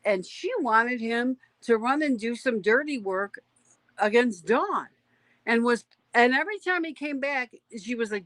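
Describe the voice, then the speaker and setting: A woman's voice: a little high, expressive, normal speed, bright, forceful tone, no room sound. An emphatic woman host speaks with plain indignation, often repeating herself to drive a point home. Her voice is recorded close and dry, with no room sound. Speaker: host of a commentary stream. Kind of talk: casual live commentary chat.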